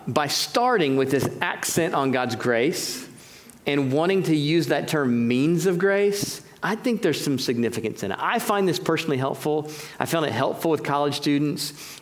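A man preaching a teaching sermon, emphatic and conversational, slowing down to stress key phrases. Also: a little high.

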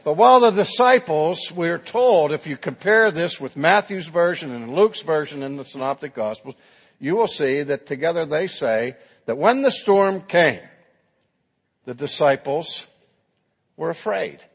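A man's voice: a little high, animated, measured pace, creaky, husky, big-room sound. A man preaching a sermon, telling the story dramatically and acting out the quotes.

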